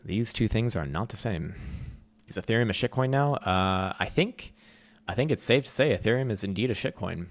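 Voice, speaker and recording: A man's voice: lowish voice, lively intonation, moderate pace. A man giving blunt, sarcastic live market commentary, swearing freely.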